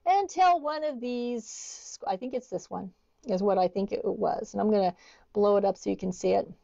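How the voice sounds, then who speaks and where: Middle-aged woman, sewing teacher on a video call, higher voice, chatty storyteller, dry slightly dull mic. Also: vocal fry, darkish tone, dry recording. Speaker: sewing instructor. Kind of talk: online sewing class demonstration.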